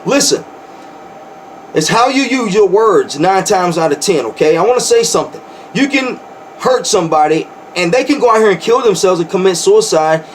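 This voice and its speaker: A man's voice: high-pitched, a little hiss or hum. A man preaching informally as a pastor, fervent and rambling, often repeating words when he gets worked up. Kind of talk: informal preaching to an online audience.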